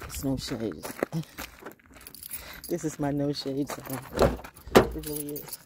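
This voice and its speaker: A woman talking casually to her phone outdoors in the woods, chatty and opinionated, with a high sing-song voice for animals. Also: expressive, unhurried, pauses often, heavy background noise. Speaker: vlogger. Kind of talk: casual outdoor vlog monologue. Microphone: phone held in hand.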